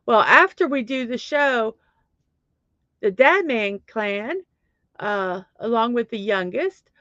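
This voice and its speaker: A woman's voice: a little high, expressive, slow, a bit bright, no room sound. Chatty woman hosting a muffled stream. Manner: chatty, greets viewers by name, self-deprecating about stumbling over pronunciations. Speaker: livestream host. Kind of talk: casual morning livestream chat. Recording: dry, slightly muffled lo-fi audio.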